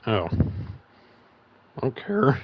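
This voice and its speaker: A man's voice: medium pitch, very animated, extremely slow, a crowd in the background. A young man co-hosting a casual podcast, laid-back and swearing loosely with lots of fillers. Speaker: podcast co-host. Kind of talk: casual chat.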